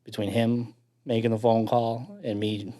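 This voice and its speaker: A man's voice: medium pitch, fairly even intonation, a little slow, warm tone. A man with a Chicago accent, a firefighter guest, telling a story in casual chat, laughing often and swearing freely.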